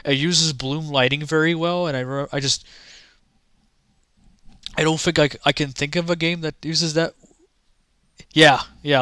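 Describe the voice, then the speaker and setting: A man giving casual, rambling commentary on games he has played, halting with many restarts and fillers and offering frank, offhand opinions. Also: fairly high pitch, sharp tone, clear, resonant tone, no echo. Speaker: gaming content creator.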